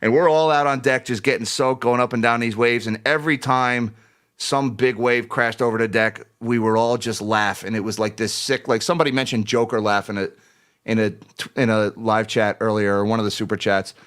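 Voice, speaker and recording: A man's voice: medium pitch, steady tone, brisk, fairly bright tone, smooth. Chatty male finance livestream host. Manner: chatty, joking, laughs often; thanks viewers by name. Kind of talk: casual livestream market commentary.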